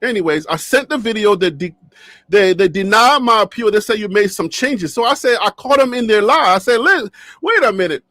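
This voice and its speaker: High-voiced man ranting and joking to camera. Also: a little fast, dry recording, clean studio sound. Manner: animated, joking, laughs often, repeats himself. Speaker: sports channel vlogger. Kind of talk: casual talk to camera. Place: his own studio.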